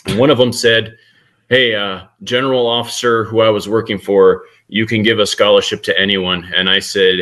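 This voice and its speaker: A man in his forties, a guest telling his story in an upbeat, self-mocking way. His voice sits fairly low but sounds bright and forward. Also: steady tone, moderate pace. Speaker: guest author, military leader. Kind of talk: interview storytelling.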